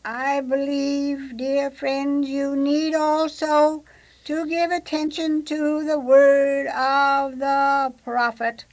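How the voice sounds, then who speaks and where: A woman's voice: high voice, completely flat delivery, extremely slow, rough recording. A woman playing a Quaker woman preacher, intoning her message in a trembling, sing-song chant. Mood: solemn.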